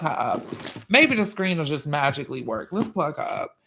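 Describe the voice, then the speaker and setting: A man hosting a casual livestream, reading viewer comments and chatting in a profane, drawn-out way. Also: fairly high pitch, sing-song, pushed and bright, a little hiss or hum. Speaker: livestream host and musician.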